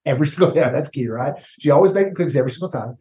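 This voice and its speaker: A man's voice: on the high side, animated, rapid-fire, mellow. Man telling stories in dull lo-fi audio. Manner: conversational, repeats words, tags "right?". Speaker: recruiting consultant guest. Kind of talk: casual interview storytelling.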